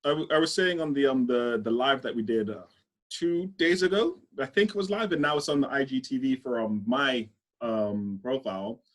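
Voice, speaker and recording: A young man, chatting on a podcast in a relaxed, rambling way and laughing often. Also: mid-range voice, normal speed. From London. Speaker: podcast host. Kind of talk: casual chat.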